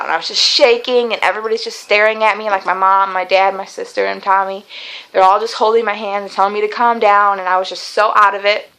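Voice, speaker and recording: A woman's voice: medium pitch, steady tone, a little fast, a bit bright, rough recording. A young woman telling a long personal story in a casual vlog, chatty and rambling, with many fillers and restarts. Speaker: vlogger.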